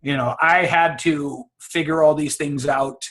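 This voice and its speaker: An American man, a guest coach, explaining ideas in an expressive, teacherly way and laughing often. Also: on the high side, unhurried. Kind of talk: conversational interview, explaining.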